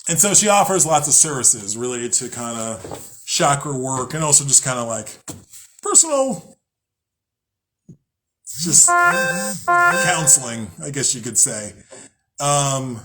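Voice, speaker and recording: A man's voice: medium pitch, animated, unhurried, pushed and bright, soft background music. A young man hosting a podcast, talking casually and loosely about spirituality, swearing often, laughing at himself and sometimes acting out angry voices. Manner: rambling, profane, laughs at himself. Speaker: podcast host.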